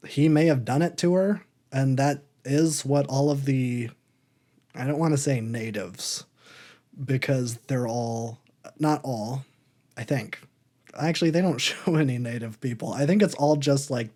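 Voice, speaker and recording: Dude rambling on a podcast, wry and hedgy, lots of trailing off, mid-pitched voice. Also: male voice, warm tone. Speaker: podcast co-host. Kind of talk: casual chat.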